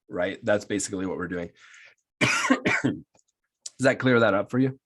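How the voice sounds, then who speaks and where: A man's voice: fairly low pitch, wildly swooping pitch, fairly quick, pauses often, fairly bright tone. Casual man teaching a webinar. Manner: loose and conversational, frequent "right?" tags, occasional swearing. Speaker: coach presenting a webinar.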